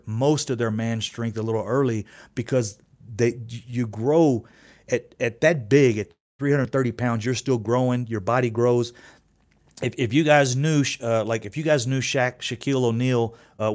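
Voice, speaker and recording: A man's voice: medium pitch, a little mellow. A man about fifty hosting his own sports fan channel, talking casually in a rambling, profane way, often restarting his sentences. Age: 50s. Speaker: YouTube sports channel host.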